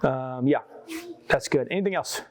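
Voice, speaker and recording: A man's voice: medium pitch, normal speed, slight background noise. A man teaching scripture to a group, reading verses aloud and talking them through in a casual, conversational way with frequent asides and restarts. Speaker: pastor. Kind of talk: sermon-style Bible teaching.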